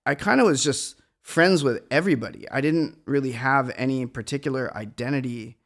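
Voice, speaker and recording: A man's voice: mid-range voice, a little fast. A middle-aged man, a guest musician, talking in a meandering, reflective and self-deprecating way in a casual conversation.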